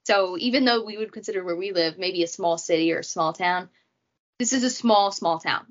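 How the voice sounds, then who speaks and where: A woman's voice: lowish voice, fairly quick. A woman hosting a casual true crime podcast, chatty and jokey, with asides. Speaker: podcast host. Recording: dull lo-fi audio.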